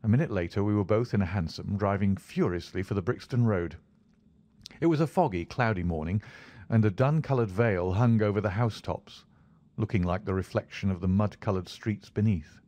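A man reading a classic novel aloud in steady, plain narration on a close mic. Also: on the low side, fairly quick, no room sound. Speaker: audiobook reader.

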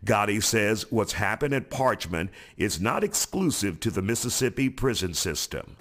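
Male American news anchor, low voice, animated scripted read. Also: moderate pace.

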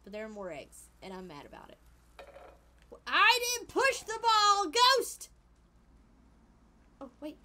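A young woman streaming a game, talking casually in a very high, bright voice that leaps all over the place. She squeals and giggles at surprises, then drops to murmured asides, with faint game music under her. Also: huge pitch swings, slow pace, pauses often. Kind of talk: casual gameplay commentary.

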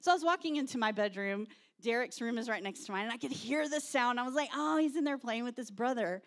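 A woman pastor, preaching a sermon with animated storytelling and shouted quotes. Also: a little high, fast.

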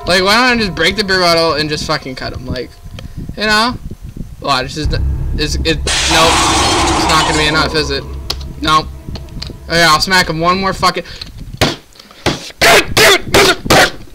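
A man's voice: a little high, normal speed, pauses often, very noisy. A young man commentating a horror game, venting his frustration with lots of swearing and rambling. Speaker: gaming YouTuber. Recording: game music playing underneath.

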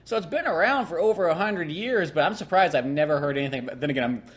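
A man's voice: a little high, animated, fast talker. A man co-hosting a podcast in casual chat, laid-back and leaning on fillers. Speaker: podcast co-host.

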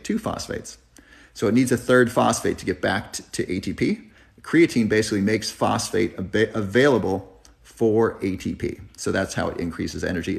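Gravelly-voiced man hosting a live Q&A. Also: lowish voice. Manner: earnest, reflective, tearing up at times. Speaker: health channel host. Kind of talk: live Q&A chat. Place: driving, in a car.

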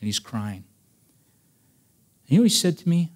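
Earnest preaching man, ordinary pitch. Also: expressive, moderate pace, pauses often. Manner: earnest preaching, rising to emphatic peaks, dropping soft for stories. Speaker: pastor. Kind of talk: sermon.

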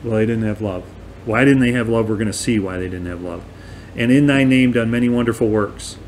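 A man's voice: lowish voice, fairly quick, darkish tone, a little hiss or hum. A man teaching a verse-by-verse bible study in a conversational, emphatic way, often checking in with his listeners.

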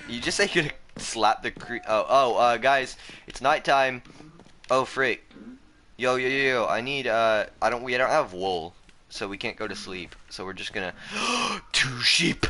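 A man's voice: mid-range voice, lively intonation, measured pace, bright, forceful tone, slight background noise. A man, teasing friends with slang and frequent laughter in casual gaming banter. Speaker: gamer.

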